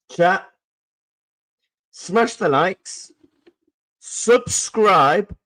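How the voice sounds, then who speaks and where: A young man vents to his stream chat. He is furious and swears, repeating the same lines over and over. His talk is slow and drawn out, into a desk mic at home. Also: medium pitch, lively intonation, poor audio. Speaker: football fan channel host. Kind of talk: angry post-match reaction to live chat. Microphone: desk mic he is adjusting.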